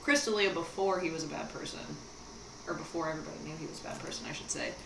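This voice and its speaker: A young woman guest talking casually about comedy, relaxed, with fillers as she lists names. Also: sits low, racing, gravelly, distant mic. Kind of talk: casual chat. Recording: echoey room with noise.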